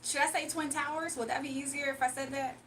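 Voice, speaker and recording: A woman chatting casually with her viewers on a livestream, animated and laughing often. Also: high-pitched, fast talker, a little hiss or hum.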